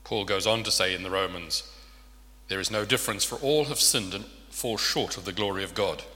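A low-voiced preacher speaks a little fast, his tone pushed and bright, as he earnestly delivers a sermon full of rhetorical questions for the congregation. The sound carries the long reverb of a large hall.

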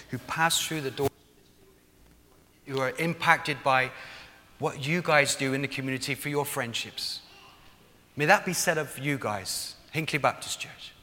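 A man preaching a sermon in a church, passionate, repeating words in quick bursts and dropping to a hush at times. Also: medium pitch, long reverb tail, slight background noise.

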